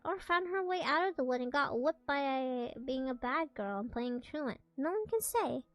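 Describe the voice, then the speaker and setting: A woman's voice: high-pitched, fairly bright tone, no echo, low-quality recording. A young woman streamer reading a storybook aloud, playful and giggly, correcting herself as she goes.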